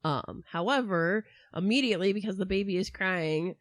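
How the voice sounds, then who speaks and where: Female podcast co-host, mid-pitched, casual and sarcastic, dry close mic. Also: normal speed, dry recording. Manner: animated, mocking asides. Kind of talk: casual true-crime chat.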